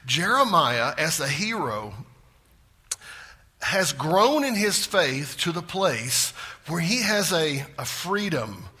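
A man preaching a sermon with big swings in pitch and loudness, sometimes dropping to a hushed voice for emphasis. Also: big pitch swings, slow, slightly rough. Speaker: pastor.

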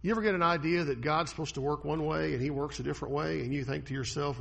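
A man preaching a sermon with a husky voice, swinging between loud dramatic bursts and hushed lines. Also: a little high, fast talker, dull audio. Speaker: pastor.

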